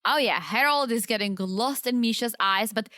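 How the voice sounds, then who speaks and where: A woman's voice: fairly high pitch, normal speed, bright, forceful tone, no echo, clean studio sound. A woman with a Czech accent, co-hosting a podcast in chatty, self-deprecating conversation. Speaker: podcast co-host. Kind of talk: casual chat.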